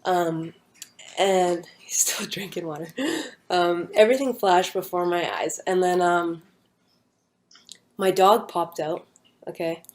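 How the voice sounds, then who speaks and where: A young woman casually recounting a personal near-death story, rambling with many fillers and an earnest, hushed manner. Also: on the low side, steady tone, slow, long pauses.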